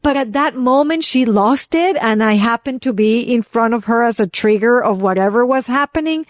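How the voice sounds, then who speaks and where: Animated woman telling a story. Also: moderate pace, no echo, clean studio sound. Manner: animated, acts out quotes with big pitch jumps. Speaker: podcast co-host. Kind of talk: casual storytelling chat.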